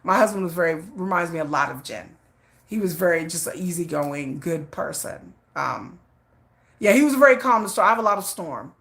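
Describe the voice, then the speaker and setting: A woman host telling a candid personal story on a livestream in a blunt, animated way, laughing often and cursing. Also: fairly low pitch, moderate pace, creaky.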